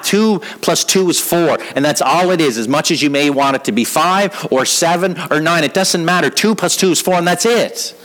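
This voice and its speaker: A man's voice: fairly high pitch, a bit bright, poor audio. A middle-aged man preaching a sermon in an earnest way, often repeating words as he builds a point. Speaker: pastor.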